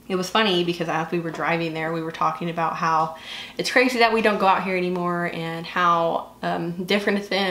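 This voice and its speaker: A woman's voice: lowish voice, fairly bright tone. A woman in her twenties with a Southern US accent, chatting casually and gushing while doing her makeup, with lots of fillers. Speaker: beauty vlogger. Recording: echoey room.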